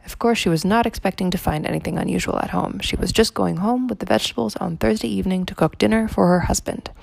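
A woman narrating a story aloud in a measured, even reading. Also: mid-range voice, creaky, slight background noise.

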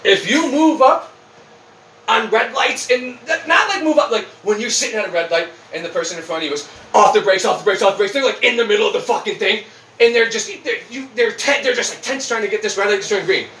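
A man rants bluntly and profanely in a high, bright voice that swings widely in pitch. He sounds a little far from the mic, in a roomy space with faint noise behind him. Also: fairly quick. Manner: profane, blunt, animated ranting. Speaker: podcast host. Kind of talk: casual ranting chat.

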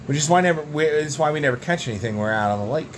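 A young man co-hosting a podcast, telling absurd tall tales in a deadpan, rambling way. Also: on the high side, rapid-fire, slight background noise. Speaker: podcast co-host. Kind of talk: absurd comedic banter.

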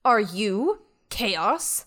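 A woman's voice: medium pitch, very animated, very slow, fairly bright tone, full character voice. A woman voicing a haughty female ship computer in a tabletop game, boastful and openly threatening. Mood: imperious.

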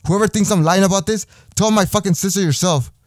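A man's voice: sits high, fast, no room sound, studio quality. A young man hosting a podcast, delivering a heated, profanity-laden personal rant with lots of repetition. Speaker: podcast host.

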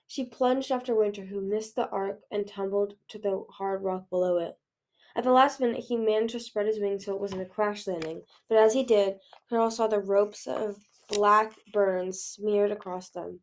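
A woman reading a fantasy novel aloud in an earnest, expressive way. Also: medium pitch, normal speed. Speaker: audiobook reader. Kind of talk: storybook read-aloud.

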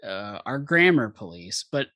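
A Southern US man hosting a podcast who talks in a rambling way and laughs often. His voice is bright. The sound is dry and close. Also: lowish voice, very animated, unhurried, no room sound. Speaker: podcast host. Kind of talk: casual chat.

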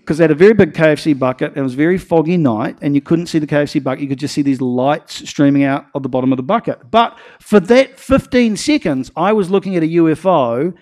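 NZ-male pastor, animated sermon storyteller, slightly higher voice. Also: fast talker, hardly any pauses. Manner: animated storytelling with acted-out quotes.

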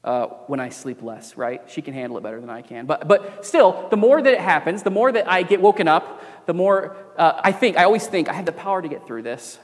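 A young man delivers a sermon from the pulpit in a fairly high voice. He is earnest, leaning into emphatic lines and then sinking into quiet, personal confession. His words carry a long reverb from the church sanctuary around him. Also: lively intonation, a little fast. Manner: earnest, swings from emphatic preaching to quiet confiding. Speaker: pastor.

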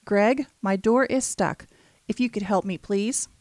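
A woman voicing a frightened bank manager who is trying hard to sound calm and polite. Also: medium pitch, measured pace, no echo, studio quality, lightly acted. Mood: strained calm. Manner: strained, pleading calm.

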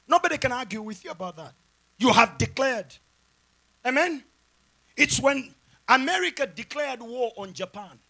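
A pastor preaching a sermon with emphatic repeated phrases, swinging from loud shouted lines down to quiet asides. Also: male voice, very high voice, expressive, normal speed.

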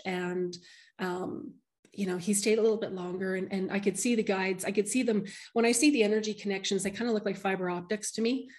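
A woman's voice: medium pitch, darkish tone. A middle-aged woman, a medium, shares a personal story in an interview. She speaks with heartfelt emotion and keeps restarting her sentences as she goes.

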